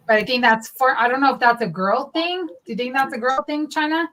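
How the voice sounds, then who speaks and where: A woman's voice: high-pitched, fast, hardly any pauses, bright, forceful tone, low-quality recording. A woman hosting a casual podcast chat, blunt and swearing freely as she acts out quoted dialogue. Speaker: podcast host.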